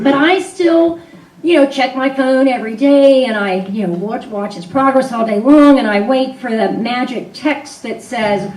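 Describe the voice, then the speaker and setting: A high-pitched, darkish woman's voice at normal speed comes through with a faint crowd and slight background noise. She's a storyteller and event host performing live on stage at an arts venue, speaking candidly and conversationally with frequent fillers. The distant recording has a roomy hall sound.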